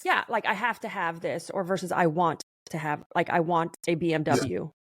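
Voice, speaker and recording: A woman hosting a conversational podcast interview, talking in an animated, emphatic way. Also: lowish voice, moderate pace, no echo.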